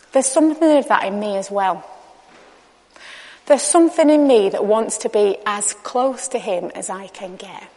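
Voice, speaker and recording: A woman preaching in a chatty, candid way, acting out dialogue as she goes. Her voice sits fairly high and rings out with the long reverb of a large hall. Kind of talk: conversational sermon.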